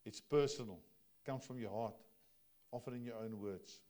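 A man preaching a sermon in a conversational way, dropping to quiet asides and rising to loud, emphatic lines. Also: medium pitch, normal speed. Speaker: pastor.

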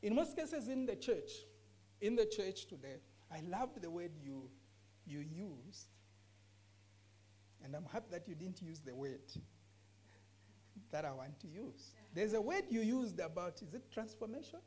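A woman's voice: on the low side, big pitch swings, a little slow, long pauses, mellow, breathy edge. A woman teaching scripture during a discussion, earnest and emphatic, often repeating her key phrases. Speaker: bible teacher.

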